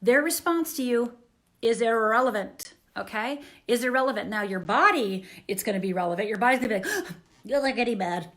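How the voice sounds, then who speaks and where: A woman giving an earnest, animated coaching talk to camera, often checking in with the listener. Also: a little high, fairly quick. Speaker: self-help coach.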